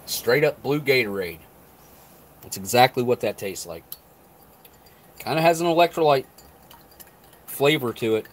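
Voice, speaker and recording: An unhurried food reviewer with a mid-range voice pauses often as he eats and thinks aloud about rations on a live stream. He's relaxed and not Canadian, with slight noise in the background.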